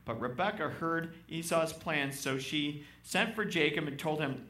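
Guy preaching a sermon, kinda high voice, bright and punchy, keeps checking in w the crowd. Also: unhurried, hardly any pauses. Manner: emphatic, addresses congregation directly. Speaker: pastor. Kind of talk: sermon with scripture reading.

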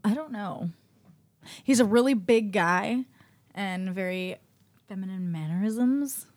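A woman telling a lively story in a casual chat with friends, laughing mid-sentence and cussing casually. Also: medium pitch, slow pace.

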